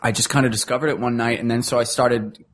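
A man's voice: mid-range voice, fairly even intonation, fast. A man in his fifties from New York, a touring musician guest talking casually and rambling as he hunts for words. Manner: rambling, restarts often while searching for words. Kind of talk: casual chat.

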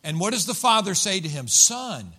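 A man's voice: sits high, expressive, fast, sharp tone. A man preaching a sermon, retelling a story and acting out the quoted voices with animation. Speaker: pastor.

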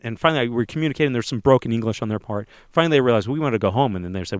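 Fast-talking man telling a story. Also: medium pitch, no echo, clean studio sound. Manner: animated, acts out others' lines in voices. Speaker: podcast co-host telling a personal story. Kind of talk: casual interview storytelling.

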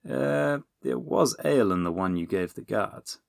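A man's voice: mid-range voice, lively intonation, a little slow, creaky, no echo, voice pushed up. Guy doing a curious small hero, explains stuff, asks questions, dry. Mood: explaining. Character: curious little male hero, explaining things.

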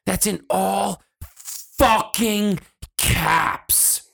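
A man on a chat show, ranting with heavy swearing and breaking into shouts as he mimics annoying emails. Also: on the high side, very animated, moderate pace, gravelly, over loud music. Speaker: podcast co-host.

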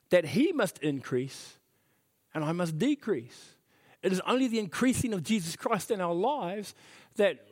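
A middle-aged man preaching a sermon as pastor, earnest and emphatic, repeating his key phrases. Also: high-pitched. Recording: reverberant hall.

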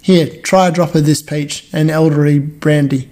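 A man's voice: a little high, fairly even intonation, moderate pace, mellow, natural voice. A man voicing a kindly, bustling mouse helper who chats and welcomes guests in a lilting voice. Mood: welcoming.

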